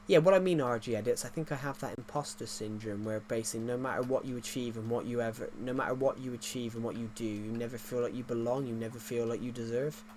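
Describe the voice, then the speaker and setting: A man's voice: medium pitch, fairly even intonation, fast talker, a crowd in the background. A man streaming a video game, chatting casually with viewers in a rambling, jokey way, often restarting his sentences. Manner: rambling, self-correcting, jokey. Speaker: gaming streamer. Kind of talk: casual livestream chat while playing.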